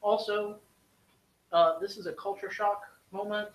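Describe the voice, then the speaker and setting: A woman's voice: medium pitch, steady tone, a little slow, far from the mic. A woman telling travel stories to a group in a chatty, casual way, full of fillers. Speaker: student speaker sharing travel stories. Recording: echoey room, faint hiss.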